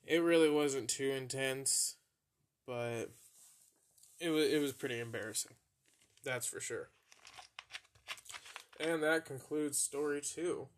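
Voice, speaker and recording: There's a faint hiss or hum behind this young male podcast host, whose medium-pitched voice moves slowly with long pauses. He shares his own embarrassing stories casually, full of profanity and self-directed laughter.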